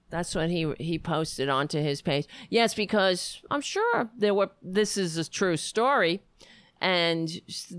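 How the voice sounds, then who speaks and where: A woman giving casual political commentary, sarcastic and mocking, now and then putting on high voices to mimic others. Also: expressive, takes it slowly, clear, resonant tone, dry recording.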